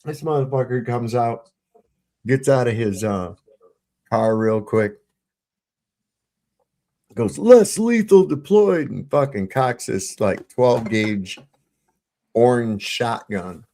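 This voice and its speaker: A man on a video-call livestream, telling stories with lots of swearing and laughter, getting loud when he retells arguments. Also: fairly low pitch, slow. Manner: profane, storytelling, laughs often, gets heated retelling run-ins. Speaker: panel co-host. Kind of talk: casual livestream chat.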